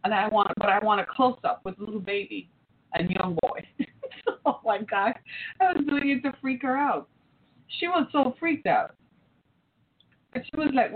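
Woman, forties, animated storyteller, slightly high voice, tinny phone-like sound, faint hiss. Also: unhurried, long pauses. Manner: animated, acts out quoted voices. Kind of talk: storytelling to an audience.

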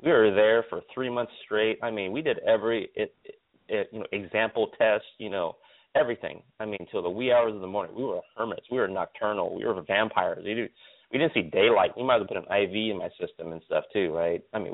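A man from Stockton, California, a guest optometrist telling stories in an animated way, repeating words and using lots of fillers. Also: on the low side, a little fast. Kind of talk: casual interview storytelling. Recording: tinny phone line.

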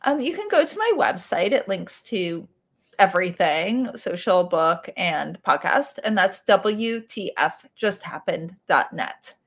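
A woman's voice: on the low side, very animated, a little slow. A woman guest on a radio show, an author and podcaster, talking in a friendly, informal way. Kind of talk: casual radio interview.

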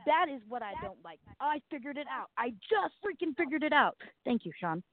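A Southern American woman from the Southern United States co-hosts a casual chat, blunt, rambling and quick to mock herself. Her voice is high, very animated and fairly fast, coming through a dry, tinny, phone-like line.

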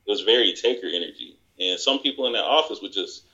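Animated man telling stories, lo-fi audio. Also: fast. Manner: animated, acts out quoted people in higher voices. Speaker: podcast guest. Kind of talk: casual storytelling chat.

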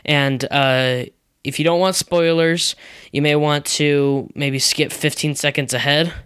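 A young man co-hosting a podcast in a relaxed, chatty way, his voice a touch high. The sound is smooth and clean, recorded close and dry with no room around it. He talks through news items like a regular of the show. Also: a little slow, no echo. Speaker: podcast co-host. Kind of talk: casual chat.

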